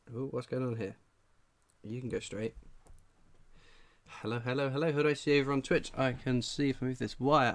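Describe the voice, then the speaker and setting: A man with a cold, hosting a casual live stream, chatting and reading out viewer names. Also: medium pitch. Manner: chatty, reads out viewer names, laughs a lot. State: has a cold. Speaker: livestream host. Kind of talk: casual livestream chat.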